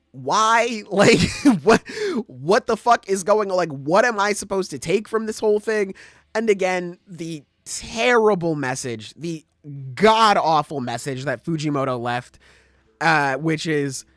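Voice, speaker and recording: A man hosting a podcast, ranting in a casual, profane and animated way. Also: a little high, a little slow, no echo. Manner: animated, profane, critical ranting with acted quotes. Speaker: podcast host.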